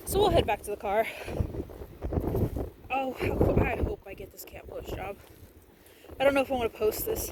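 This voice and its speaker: A woman chatting casually while walking her dog on a windy beach, a little out of breath, rambling and talking to her dog in a high, cooing voice. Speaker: vlogger. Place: windy lakeside beach outdoors. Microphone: handheld camera. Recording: loud wind noise on the mic. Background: strong wind and lake water.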